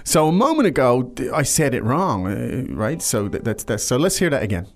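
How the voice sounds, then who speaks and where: A man's voice: medium pitch, sing-song, moderate pace, soft background music. A man hosting a language lesson podcast, explaining words in a chatty way with frequent restarts.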